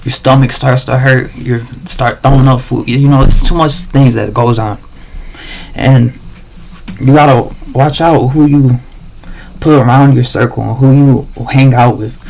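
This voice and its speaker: Male streamer, casual rant, gravelly, loose and slangy delivery. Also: medium pitch, fairly even intonation, a little slow, darkish tone. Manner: rambling, slangy, swears a lot, many restarts. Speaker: livestreamer. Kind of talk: casual rambling monologue.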